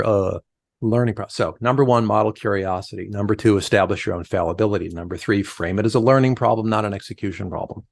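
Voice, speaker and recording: A middle-aged man speaks as a podcast guest, his voice gravelly with a crackle of fry. The sound is dry and close-miked. He tells stories with energy and slips into other people's voices as he quotes them. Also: on the low side, fast talker, no room sound. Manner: animated storyteller, acts out quoted voices. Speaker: podcast guest, leadership coach. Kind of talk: conversational podcast interview.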